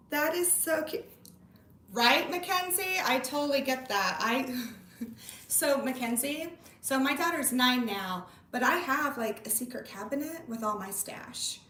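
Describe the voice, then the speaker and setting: A woman's voice: sits high, takes it slowly, bright, forceful tone, far from the mic, slight background noise. A woman in her thirties hosting a casual livestream, bubbly and gushing as she chats with viewers. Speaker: livestream host. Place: home room. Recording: echoey room, away from the mic.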